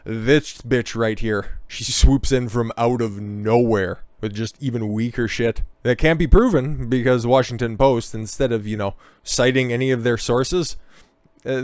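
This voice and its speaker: A man's voice: mid-range voice, no echo. A man giving sarcastic, exasperated commentary, swearing often and mocking what he reads out.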